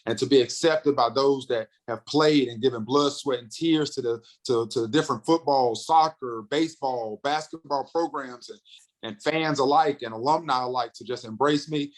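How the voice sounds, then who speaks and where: A man in his thirties from North Carolina talks as a podcast guest, with a medium-pitched voice and lively storytelling energy. He speeds up when he gets excited and acts out the voices of the people in his stories. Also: rough recording. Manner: animated storyteller, acts out quotes, fast bursts. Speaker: comedian and radio host, podcast guest. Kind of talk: casual interview storytelling.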